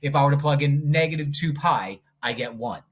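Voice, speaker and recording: A man's voice: a little high, fairly quick. A man teaching a math lesson on video, talking himself through each step as he draws graphs, with playful asides. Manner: jokey, talks to himself while working problems.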